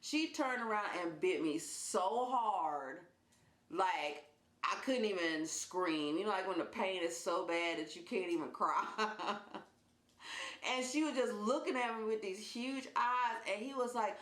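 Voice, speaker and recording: A woman vlogger tells a personal story in a casual, animated way and often breaks into laughter. Her voice sits in a middle pitch. The room around her is roomy and echoing. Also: moderate pace. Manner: animated, laughs while telling. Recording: roomy indoor echo.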